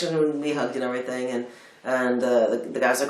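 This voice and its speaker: A man's voice: medium pitch, steady tone, quick pace. A man from Philadelphia co-hosting a casual film chat, telling rambling stories and acting out what people said. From United States (Philadelphia). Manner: rambling storyteller, acts out quotes. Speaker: film review co-host. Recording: roomy, distant mic.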